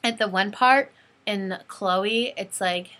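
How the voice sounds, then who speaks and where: A teenage girl telling an excited fan story in a casual vlog, gushing and saying "like" constantly. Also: mid-range voice, slow pace. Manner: gushing, breathless, says like constantly. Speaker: fan vlogger.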